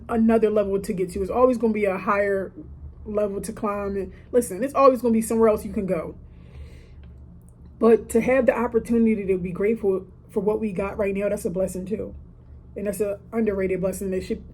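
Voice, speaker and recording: Woman, 30s, mellow, casual gratitude monologue from a hotel room. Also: mid-range voice, fairly even intonation, brisk, slightly rough. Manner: emotional, preachy, asides like "listen" and "okay". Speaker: podcaster.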